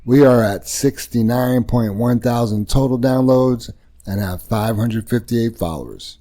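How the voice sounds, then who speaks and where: A man's voice: medium pitch, a little slow, mellow. A man hosting a casual trucking company podcast, reading stats and staff announcements in an upbeat way. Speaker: podcast host. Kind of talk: casual chat.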